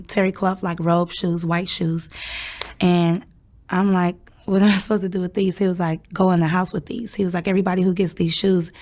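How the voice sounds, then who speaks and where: A woman's voice: fairly low pitch, darkish tone. A young woman telling a story in a casual interview, chatting and acting out what people said. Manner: chatty, acts out quoted voices.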